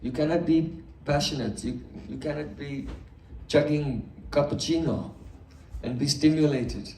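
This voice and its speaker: A man's voice: on the high side, a little slow, dark tone, a little hiss or hum. A man giving a philosophy lecture as a spiritual teacher, explaining step by step and asking rhetorical questions. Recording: echoey room, mic far off.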